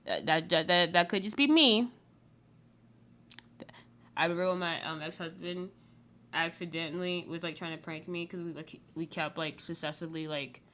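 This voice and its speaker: A woman's voice: fairly low pitch, fairly bright tone. A woman hosting a casual reality TV recap, chatting in a rambling way full of "like". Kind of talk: casual chat review.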